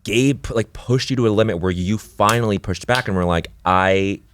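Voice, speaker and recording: Male podcast host, deep voice; halting and conversational, lots of restarts. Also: a little hiss or hum.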